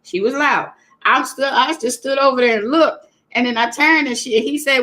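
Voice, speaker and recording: A woman hosting a casual livestream talk, greeting viewers by name and retelling a story with lively asides. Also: high-pitched, fairly quick. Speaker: host.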